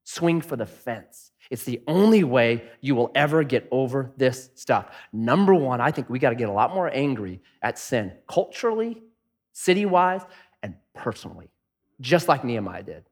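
A middle-aged man preaching a sermon, telling stories and swinging between punchy lines and hushed asides. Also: medium pitch, big pitch swings, moderate pace. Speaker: pastor. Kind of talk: sermon with storytelling.

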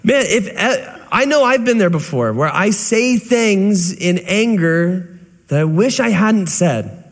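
Young male pastor with a high, animated voice. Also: slow pace, in a large hall. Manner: animated storyteller, acts out voices and sounds. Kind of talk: sermon.

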